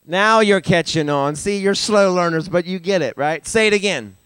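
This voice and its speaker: Older male preacher, animated pulpit delivery, clean resonant tone, close and dry. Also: moderate pace, clear, resonant tone, no echo. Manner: animated, rising in pitch and volume for emphasis. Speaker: pastor. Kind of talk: sermon. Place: church sanctuary.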